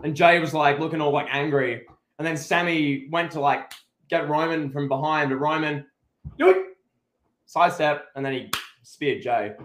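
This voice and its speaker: A man's voice: a little high, moderate pace, fairly bright tone, reverberant, slight background noise. A man co-hosting a podcast, giving opinionated, emphatic takes in casual chat about a wrestling show. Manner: opinionated, emphatic, many restarts. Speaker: podcast co-host.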